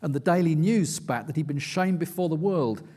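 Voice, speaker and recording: Man reading his book aloud, measured. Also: on the high side, dark tone, breathy edge. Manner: measured, dry storytelling read with quoted asides. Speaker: investigative journalist, author. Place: conference stage.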